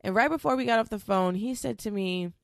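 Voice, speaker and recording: A woman's voice: on the high side, a little fast, vocal fry, no room sound, studio quality. A woman telling a personal story in a candid, rambling way, emotional and swearing freely, with many restarts.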